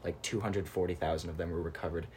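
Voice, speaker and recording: A man's voice: low voice, steady tone, a little mellow, slight background noise. A man co-hosting a casual podcast, retelling war history with enthusiasm. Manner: fast-talking, enthusiastic storyteller. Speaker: podcast co-host. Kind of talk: casual chat.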